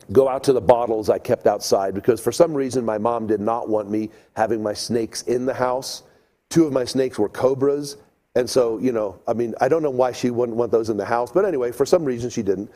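Middle-aged male storyteller, relaxed warm tone, playful and animated, slips into little voices. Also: medium pitch. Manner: animated, acts out voices and sounds. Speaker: speaker telling a childhood story. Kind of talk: storytelling talk to an audience.

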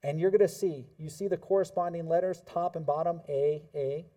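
Man, pastor, sermon, casual teaching style, somewhat high voice. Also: fairly quick, warm tone, distant mic. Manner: casual, conversational preaching with fillers.

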